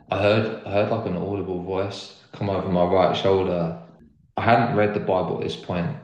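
A young man speaks in a low, deep register as he tells how he came to faith. He talks in an earnest, rambling way, dropping "like" again and again. The recording has a roomy echo. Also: a little mellow, lo-fi sound. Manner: earnest, rambling, lots of "like" fillers. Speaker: guest sharing his faith story. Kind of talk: casual conversational testimony.

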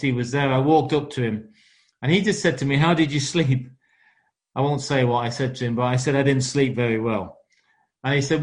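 Older English man, priest, earnest interview storyteller, mid pitch, lots of "uh" and restarts. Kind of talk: telling his life story in an interview.

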